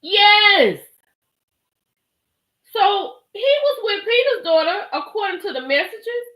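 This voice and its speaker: A woman hosting a casual live stream, talking straight to her chat in an animated way and often laughing and exclaiming. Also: extremely high pitch, moderate pace. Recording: echoey room.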